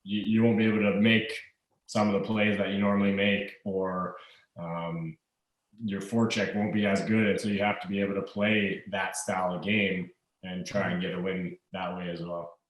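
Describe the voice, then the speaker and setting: Easygoing man, low voice, a bit off-mic. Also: little pitch movement, reverberant, far from the mic, muffled recording. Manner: easygoing, halting with fillers and restarts. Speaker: hockey player guest. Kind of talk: casual interview chat.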